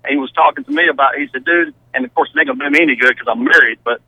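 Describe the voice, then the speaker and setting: A man's voice: medium pitch, fairly even intonation, very fast, slightly rough, no room sound. A man with a Southern American accent, calling in to a radio show and telling a rambling, friendly story. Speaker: caller. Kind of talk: casual phone-in story. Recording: tinny phone line.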